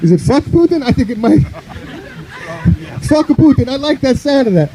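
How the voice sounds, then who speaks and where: A man's voice: extremely high pitch, animated, normal speed, a crowd in the background, rough recording. A man from the northern United States doing a loose, rambling stand-up comedy set on an outdoor park stage, filling his talk with "you know".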